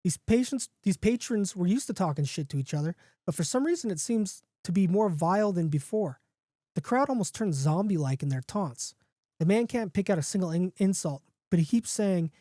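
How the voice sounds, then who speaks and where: Mellow-voiced man reading a comic horror story. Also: high voice, expressive, moderate pace, dry recording, clean studio sound. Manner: casual, jokey, with restarts and asides. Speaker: podcast host.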